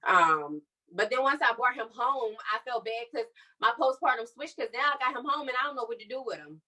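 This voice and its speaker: A young woman telling her personal story on a podcast, candid and animated, acting out what others said. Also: on the high side, brisk, far from the mic, poor audio. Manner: candid, animated retelling with quoted dialogue. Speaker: podcast co-host.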